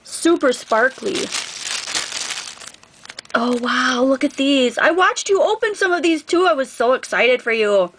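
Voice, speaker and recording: Female craft vlogger, higher voice, effusive casual unboxing chat. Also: animated, a little slow, a bit bright, a little hiss or hum, low-quality recording. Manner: gushing, effusive.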